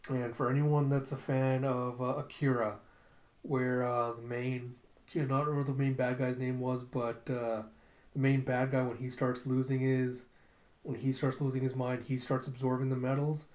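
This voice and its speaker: A man's voice: medium pitch, normal speed. Dude recapping a comic, chatty, lots of "and she's like", echoey room. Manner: animated retelling, lots of "and she's like". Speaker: comic reviewer.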